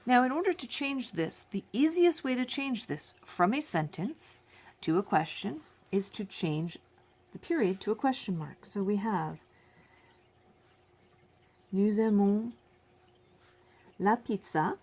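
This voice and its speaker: Woman teacher going over french grammar real slow, repeats everything twice, mid pitch. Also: lively intonation, darkish tone. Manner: slow, deliberate explaining, repeating phrases in two languages; self-deprecating asides. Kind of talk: classroom lesson.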